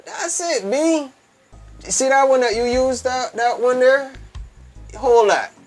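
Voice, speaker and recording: A very high-pitched man speaks slowly, with faint music in the background. He's a fashion entrepreneur appearing as a guest on a casual show, talking in an animated, emphatic way. He keeps repeating phrases and calls his host "B" again and again.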